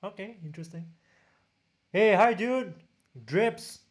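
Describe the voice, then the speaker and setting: A man with a Singaporean accent chats casually with viewers on a livestream, picked up by a camera-mounted shotgun mic. His voice sits slightly high. He often stops, restarts and corrects himself mid-sentence while reading comments aloud. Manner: reads chat aloud, halting with restarts. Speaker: tech reviewer hosting a livestream.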